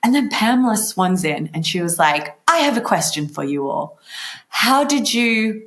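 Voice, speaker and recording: Animated Australian woman telling a story. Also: medium pitch, moderate pace. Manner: animated storyteller, acts out quoted voices. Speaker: guest columnist. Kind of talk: casual interview chat.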